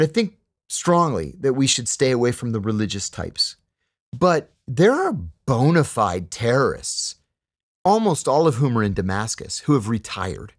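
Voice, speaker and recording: A man's voice: medium pitch, no room sound, studio quality. A middle-aged man, a former intelligence officer, telling an anecdote in a podcast interview and acting out the dialogue as he goes. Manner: animated storyteller who acts out quoted dialogue.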